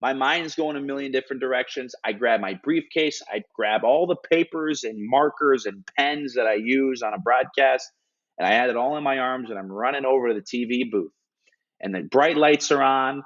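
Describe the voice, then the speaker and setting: A hockey analyst in an interview, retelling a story earnestly and animatedly, with frequent restarts and filler words. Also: male voice, medium pitch, moderate pace, fairly bright tone. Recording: dull lo-fi audio.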